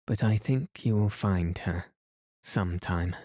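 A man's voice: low-pitched, measured pace, a little mellow, no echo, clean studio sound. A man playing Teddy, a protective young man. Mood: gentle. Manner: urgent, commanding.

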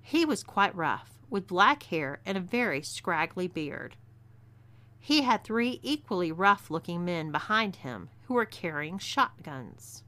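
Bright Texan woman narrating a story. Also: fairly low pitch, very animated, measured pace. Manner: drawling, storytelling delivery.

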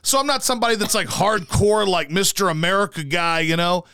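A man's voice: high voice, a little fast, sharp tone, clear, resonant tone, dry recording. A man in his thirties hosting a casual podcast, ranting emphatically and swearing a lot. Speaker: podcast host. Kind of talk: casual opinionated chat.

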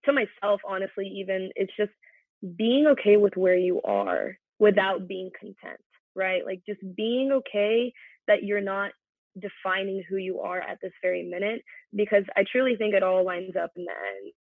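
A woman's voice: medium pitch, normal speed, no room sound. A woman in her twenties, a podcast guest, talking in an earnest, reflective way, working through her feelings openly in casual conversation. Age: 20s. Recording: tinny phone-like line, dry.

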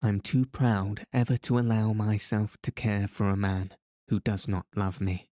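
A man reads a proud young woman who is bitter and upset, in an audiobook. The voice is low, unhurried and dark, with a dry, close sound. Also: little pitch movement, dry recording, natural voice.

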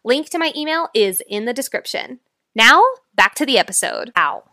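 A woman life coach talking straight to her listeners in a podcast monologue, swinging between fast, loud stretches and slow, quiet ones. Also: fairly high pitch, lively intonation, no echo, clean studio sound.

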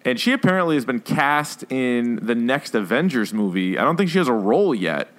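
Brief: male podcast host, mid-pitched, chatty, laughs and swears casually. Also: sing-song, a little fast. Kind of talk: casual chat.

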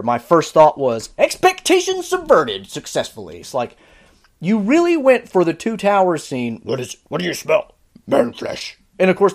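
Reviewing a series on his podcast, a man with a somewhat high voice offers casual commentary. He comes across as exasperated and sarcastic, with an animated delivery.

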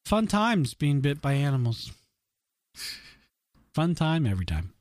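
A man co-hosting a casual podcast, telling a story with many restarts and lively quoted voices. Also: fairly high pitch, unhurried. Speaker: podcast co-host.

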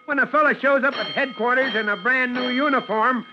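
A man's voice: very high voice, brisk, music in the background. An actor playing a jovial older veteran fireman in a 1940s radio drama, folksy and chuckling. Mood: amused. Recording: dull old radio recording.

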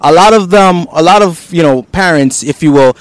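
A man's voice: on the high side, normal speed, no echo. A man hosting an interview, chatting loosely with many "you know"s and "if you will"s. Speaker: interview host. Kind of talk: casual interview talk.

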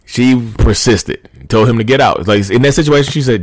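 A man's voice: fairly low pitch, fairly quick, hardly any pauses, dry recording, clean studio sound. A man hosting a podcast, giving advice in a loose, repetitive, conversational way and speaking straight to his listeners. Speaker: podcast host. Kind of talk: casual advice monologue.

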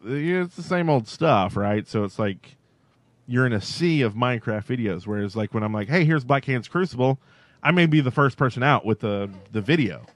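A man's voice: mid-range voice, lively intonation, moderate pace, no echo. Guy rambling on a podcast, says like every other word, super dry close sound. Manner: rambling, full of "like" fillers. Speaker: podcast co-host. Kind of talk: casual chat.

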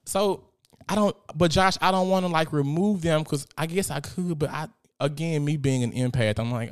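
A young man hosts a casual live stream, talking in an animated, profane way and reading out viewer comments. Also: on the high side, normal speed, smooth. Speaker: host.

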